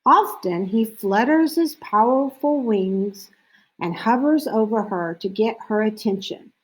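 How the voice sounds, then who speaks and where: A woman reads a nature picture book aloud as a lesson. Her voice sits a little high and she takes her time, reading slowly and clearly. She sometimes breaks into playful owl-call imitations. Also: expressive, rough recording. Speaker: teacher reading to children.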